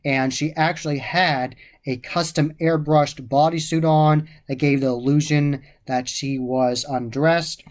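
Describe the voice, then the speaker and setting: A man's voice: a little high, fairly even intonation, unhurried, hardly any pauses. A man giving a casual, enthusiastic spoken review of a haunted attraction, often repeating how much he loved the details.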